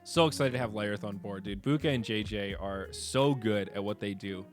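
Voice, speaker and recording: A man hosting a casual livestream chat, animated and swearing, moving between low mutters and excited outbursts. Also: normal speed, soft background music. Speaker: streamer host.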